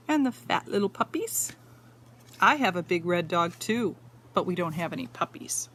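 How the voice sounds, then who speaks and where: Reading a picture book to a group of young pupils, a woman teacher stops now and then to point out pictures and quiz the kids. Her medium-pitched voice is a bit bright with lively intonation, and her delivery is slow and sing-song.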